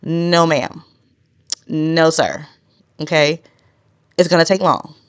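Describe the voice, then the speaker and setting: A woman's voice: lowish voice, clean tone, dry recording. Chatty woman podcast host, dry sound. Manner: chatty and direct, with laughs and asides. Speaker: podcast host and business consultant. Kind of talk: casual solo podcast teaching.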